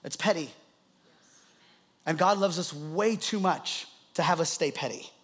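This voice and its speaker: High-voiced pastor telling a funny story in a sermon, laughing as he goes. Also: unhurried, slightly rough. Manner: animated storytelling, laughing as he preaches.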